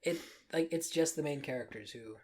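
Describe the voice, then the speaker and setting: A woman's voice: low-pitched, a little fast, mellow, breathy edge. A young woman co-hosting a podcast in casual chat, talking with lots of fillers and laughing often. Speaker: podcast co-host.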